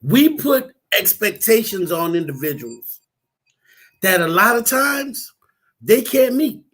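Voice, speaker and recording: A man's voice: sits high, a bit bright. A counselor on a radio talk show who tells a parable and often repeats words as he starts a sentence. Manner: storytelling, acts out voices in a parable.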